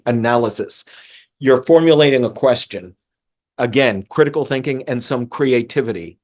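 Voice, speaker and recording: A man's voice: mid-range voice, moderate pace, a little mellow. A man coaching on emotional regulation, speaking earnestly and often repeating a word as he restarts a phrase. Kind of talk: talking-head coaching lesson.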